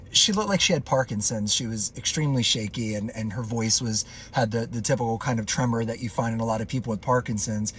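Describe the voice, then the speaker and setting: A man telling a story in a relaxed, chatty way, with lots of fillers as he goes. His voice is husky and a bit breathy, at an ordinary middle pitch. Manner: chatty, loose retelling with filler words. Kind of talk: casual storytime.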